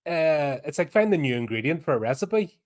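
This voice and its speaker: A man's voice: fairly high pitch, very animated, brisk. A man with a Northern Irish accent, co-hosting a podcast in casual chat, blunt and ranting, swearing freely. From Northern Ireland. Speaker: podcast co-host.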